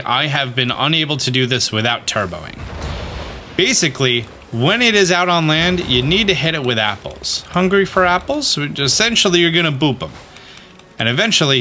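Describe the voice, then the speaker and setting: A man hosts a game guide walkthrough, explaining the steps instructively, repeating "okay?", and growing exasperated as he talks to the creature on screen. His voice is a little high with a sharp tone, and there's a little hiss or hum in the recording.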